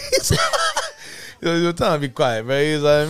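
A man's voice: a little high, wildly swooping pitch, a little fast. A man co-hosting a casual podcast, telling stories with animation, acting out quotes and saying "bro" constantly. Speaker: podcast co-host. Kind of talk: casual chat. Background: faint music.

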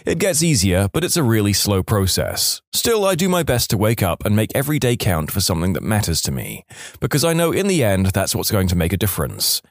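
Expressive male story narrator. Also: fairly low pitch, a little fast, no room sound, studio quality. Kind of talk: reading online stories aloud.

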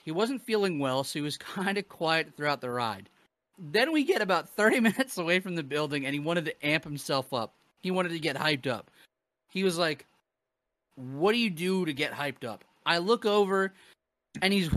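A man's voice: on the high side, pushed and bright, no echo. A man hosting a wrestling podcast, chatting loosely with fillers, swearing and bursts of laughter. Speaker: podcast host. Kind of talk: casual podcast chat.

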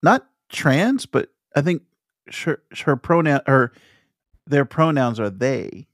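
A man's voice: mid-range voice, expressive, takes it slowly, dry recording, studio quality. A man co-hosting a casual gaming podcast, reading news aloud in a playful, teasing way and laughing often. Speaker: podcast co-host.

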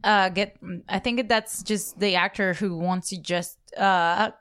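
A woman's voice: mid-range voice, steady tone, takes it slowly, a bit bright, clean tone. A woman co-hosting a casual podcast chat, playful and joking. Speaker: podcast co-host.

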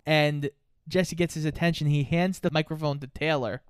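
Clear-voiced man chatting about a movie. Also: on the high side, moderate pace, no room sound, studio quality. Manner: relaxed storytelling with frequent "like". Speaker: podcast co-host. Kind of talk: casual movie recap chat.

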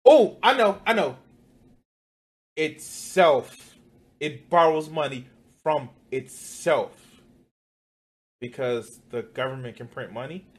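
A man reacting to a video, casual and profane, swinging between muttered asides and loud outbursts. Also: medium pitch, slow, pauses often.

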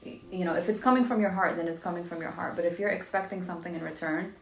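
A woman's voice: lowish voice, fairly even intonation, racing, gravelly, reverberant. A woman co-hosting a casual podcast chat, easygoing and agreeable, often laughing lightly. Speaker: podcast co-host.

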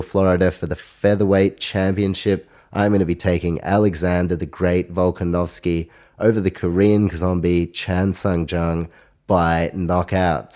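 Low, dark-voiced Australian man. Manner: chatty, relaxed, with asides. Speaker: podcast host. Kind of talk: casual solo podcast commentary.

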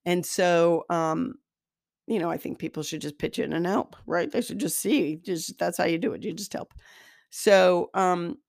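A woman's voice: on the low side, unhurried, vocal fry, darkish tone, dry recording, clean studio sound. A woman hosting a self-help talk as an energy healer, speaking in a candid, conversational and self-deprecating way. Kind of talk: spoken self-help monologue.

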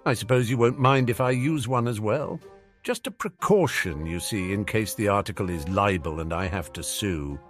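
A man's voice: on the low side, expressive, normal speed, faint music behind, close to an everyday voice. Man voicing a cheeky, wry teenage wizard. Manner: sardonic, breezy.

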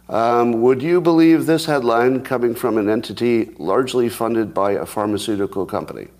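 A man's voice: medium pitch, a little mellow. A man giving solo commentary on news headlines, sarcastic, with mock outrage, restarts and chuckles. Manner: thinks aloud with restarts, chuckles. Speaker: commentary host.

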